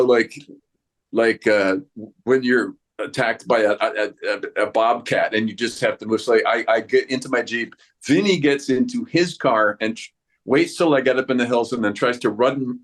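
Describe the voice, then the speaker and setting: A man in his seventies, an actor guest, telling playful, self-mocking anecdotes in an interview. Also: mid-range voice. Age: 70s.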